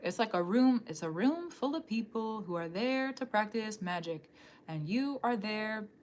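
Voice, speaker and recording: A woman's voice: mid-range voice, a little slow. Rambling woman giving a live psychic reading. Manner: rambling, animated, addresses viewer directly. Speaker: tarot reader. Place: home room.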